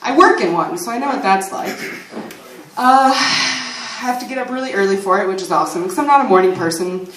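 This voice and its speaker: A woman's voice: mid-range voice, lively intonation, a little fast, fairly bright tone, a little hiss or hum. A woman in her twenties doing loose, improvised open-mic stand-up, rambling and swearing freely on a small comedy stage. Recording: echoey room, mic at a distance.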